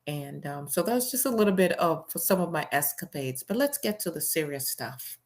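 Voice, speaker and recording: A woman's voice: sits low, animated, normal speed. A woman hosting a show, reading a memoir aloud in the first person in a plain, conversational storytelling way with casual fillers.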